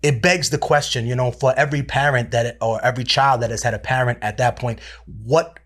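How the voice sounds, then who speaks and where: A man's voice: medium pitch, fairly even intonation, fairly quick, a bit bright. Thoughtful man asking long questions. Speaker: podcast co-host. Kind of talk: casual podcast chat.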